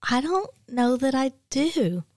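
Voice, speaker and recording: A woman co-hosting a podcast, chatting in a relaxed way and laughing easily. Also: high voice, takes it slowly, no echo, studio quality. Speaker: podcast co-host. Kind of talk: casual chat.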